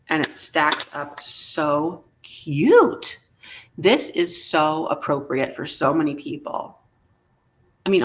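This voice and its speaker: A man's voice: a little high, creaky. A man hosting a live online vintage sale, taking bids and joking playfully with a theatrical manner. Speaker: live auction seller.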